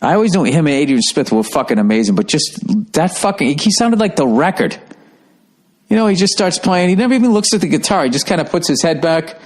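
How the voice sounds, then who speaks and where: A middle-aged man talking in a rambling, excitable way on a casual podcast monologue, swearing freely. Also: a little high, a little fast. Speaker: podcast host.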